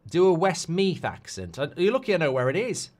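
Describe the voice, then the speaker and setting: A man hosting a live football watchalong, chatting his way through the results. His pitch jumps around a lot as he throws in quick asides. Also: very animated, darkish tone. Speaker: host.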